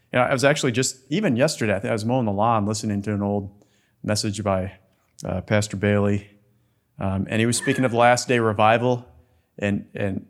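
A man with a fairly low voice delivering a sermon as a pastor. He talks in an easygoing, conversational way, circling back and rephrasing as he goes. His voice sits a little below average in pitch. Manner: conversational, with frequent restarts and "you know".

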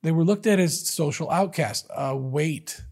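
A man's voice: a little high, a little slow, a little mellow. A man preaching a sermon, teaching from the Bible in a conversational, emphatic way. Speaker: pastor.

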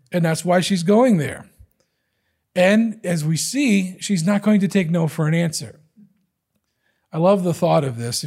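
Conversational male preacher, husky and slightly raised pitch, emphatic. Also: a little mellow. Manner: conversational, emphatic Bible teaching. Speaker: pastor. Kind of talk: sermon.

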